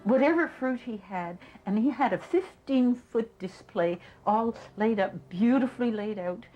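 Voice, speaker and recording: An older woman recalling the past in an interview, halting and repeating words as she tells her story. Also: on the high side, lively intonation, dark tone, highs cut off, faint music behind. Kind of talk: reminiscing interview.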